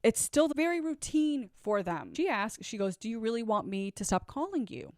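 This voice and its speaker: A woman with a deep voice tells a personal story, candid and reflective, acting out what people said. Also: big pitch swings, normal speed, no echo, clean studio sound. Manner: candid, reflective, acts out quoted dialogue. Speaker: vlogger telling her own story. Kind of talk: storytime vlog.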